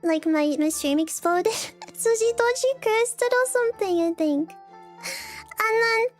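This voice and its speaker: A woman with a very high, squeaky voice chats casually with her viewers. She giggles a lot and plays up every mishap with mock drama and self-mockery. Soft music plays faintly underneath. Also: expressive, normal speed. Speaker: streamer.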